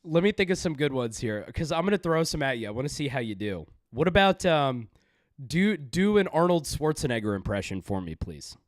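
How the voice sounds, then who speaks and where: A man's voice: a little high, big pitch swings, brisk, no room sound, clean studio sound. A man hosting a stream, rambling with crude jokes and lots of fillers. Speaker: stream host. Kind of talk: casual stream banter.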